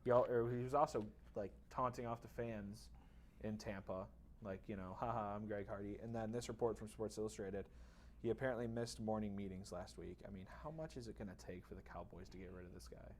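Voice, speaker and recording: A man co-hosting a sports webcast, prompting his partner with viewer questions and quick asides. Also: lowish voice, a little mellow, a little hiss or hum. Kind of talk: casual sports talk.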